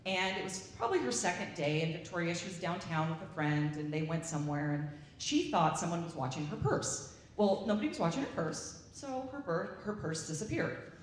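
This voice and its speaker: Heard from a distance in an echoey room with slight background noise, a woman shares a casual story with a gathering. Her fairly low voice moves a little fast as she rambles animatedly and imitates the voices of the people in the tale.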